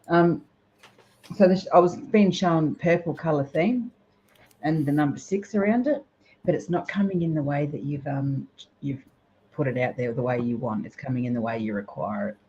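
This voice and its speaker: A woman's voice: low-pitched, mellow. A woman hosting a casual live stream reading, chatty and blunt, swearing freely. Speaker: host and psychic reader. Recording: dull lo-fi live stream audio.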